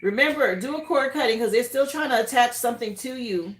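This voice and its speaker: A woman's voice: a little high, fairly quick, echoey room. A woman who grew up in Miami, doing a live tarot reading in a casual, drawling way, often asking "okay?". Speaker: tarot reader.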